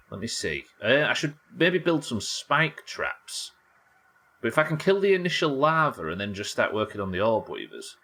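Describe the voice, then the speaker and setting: A man's voice: on the low side, a bit bright. A young British man streaming a game live, chatting casually, laughing often and swearing freely. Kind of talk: casual live gameplay chat.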